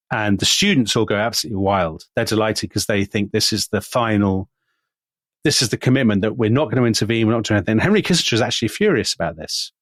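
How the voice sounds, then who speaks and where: A man co-hosting a podcast, telling history in a lively conversational way and dropping his voice to quote people. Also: no echo, clean studio sound. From Britain. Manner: animated, quotes figures in lowered voice. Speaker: podcast co-host.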